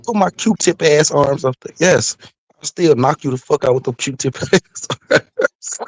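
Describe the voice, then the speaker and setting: A man's voice: on the high side, unhurried, no echo, rough recording. A man, a guest on a livestream, talking brash trash in slang. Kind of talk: casual livestream talk.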